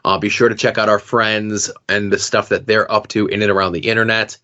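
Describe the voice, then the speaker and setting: A man's voice: fairly low pitch, little pitch movement, brisk, sharp tone. A man hosting a podcast, reading off links and show plugs in a chatty way, with plenty of "uh"s. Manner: chatty, with filler "uh"s. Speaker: podcast host. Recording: dull lo-fi audio.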